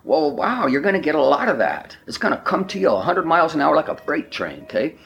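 Slow emphatic man giving a spiritual talk. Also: on the high side, big pitch swings, creaky, fairly bright tone, muffled recording. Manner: slow, emphatic, repetitive affirmations. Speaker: spiritual speaker.

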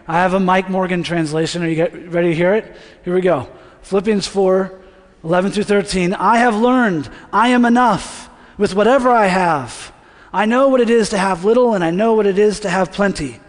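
A man with a high voice preaches to his congregation in a relaxed, conversational way, often asking them to say words back to him. His voice rings out with the long reverb of a large church sanctuary. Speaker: pastor. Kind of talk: sermon.

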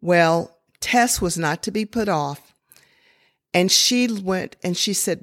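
A woman telling a true story in a slow, deliberate, expressive sermon style. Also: fairly low pitch, no room sound, studio quality.

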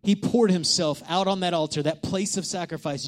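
A male pastor preaching a sermon in an animated manner, shifting between loud calls and hushed lines and asking the congregation questions. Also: high-pitched, normal speed, hardly any pauses.

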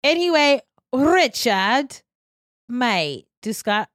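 A woman hosting a podcast in casual chat, animated and joking with playful teasing. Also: fairly high pitch, extremely slow, dry recording, studio quality. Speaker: podcast host. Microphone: studio mic.

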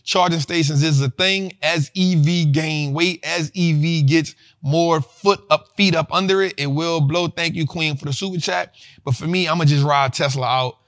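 Man, livestream host, slangy and animated, forceful bright tone, slightly high voice. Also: normal speed. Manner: slangy, animated, repeats himself. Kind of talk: livestream finance talk.

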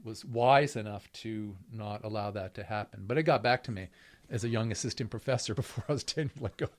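A man's voice: fairly low pitch, a little fast. A middle-aged man, a professor being interviewed, telling a long story in a wry, rambling way, with many fillers and restarts. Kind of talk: storytelling conversation.

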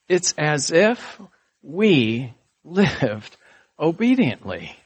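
High-voiced man preaching slowly. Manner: animated, conversational preaching with asides. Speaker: pastor. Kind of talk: sermon.

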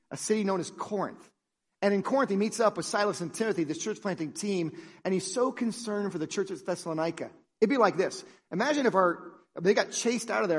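A man preaching a sermon as pastor, energetic and jokey, with animated storytelling. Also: high-pitched, big-room sound.

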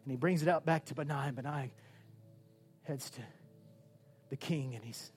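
A man preaching a sermon with passion, swinging between loud outbursts and hushed, quiet stretches. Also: mid-range voice, moderate pace, soft background music. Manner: impassioned, swinging from shouts to hushed tones.

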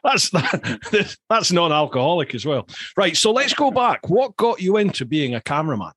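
A man's voice: a little high, big pitch swings, normal speed, fairly bright tone, breathy edge, dry recording. A man hosting a podcast, chatting casually and laughing along with his guest. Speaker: podcast host. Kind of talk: casual chat.

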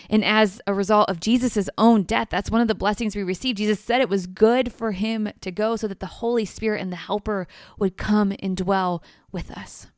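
A woman giving a devotional teaching in a gentle, earnest, conversational way. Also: mid-range voice, no echo, studio quality.

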